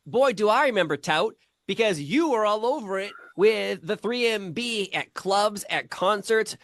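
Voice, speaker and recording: A male interviewer with a notably high voice gushes like a fan as he sets up questions. He rambles happily and keeps it casual. The recording is dry and close, with no room echo. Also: unhurried. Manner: excited fan, chatty, says "dude". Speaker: interview host.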